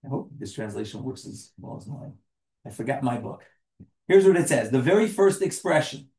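A man's voice: medium pitch, lively intonation, fairly quick, dark tone, reverberant. A man leading an interactive class, who asks the group questions and jokes with them as he explains.

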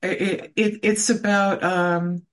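Slow, flustered woman fumbling for words. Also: mid-range voice, flat delivery. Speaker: class participant.

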